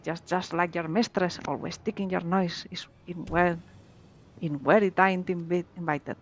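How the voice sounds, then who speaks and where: A woman's voice: lowish voice, steady tone, normal speed, dull audio, natural voice. A woman doing a sneering pirate villain. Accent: put-on pirate accent. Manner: mocking, menacing. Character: gruff male pirate villain, sneering bully. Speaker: streamer reading game dialogue aloud.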